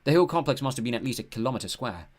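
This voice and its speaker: Brief: male audiobook narrator, mid-pitched, even and unhurried storytelling. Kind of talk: scripted narration.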